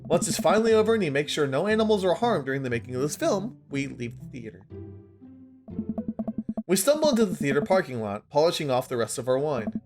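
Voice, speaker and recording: Animated man reading a game aloud. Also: fairly high pitch, fairly quick, over music. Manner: animated, comic exclamations. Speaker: let's play host. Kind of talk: reading a visual novel aloud.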